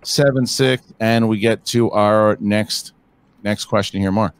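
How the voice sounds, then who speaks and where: A man hosting a trivia match, reading out questions and counting the seconds in a measured, unhurried way. His voice sits low, and he takes his time with every word. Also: fairly even intonation, smooth, dry recording.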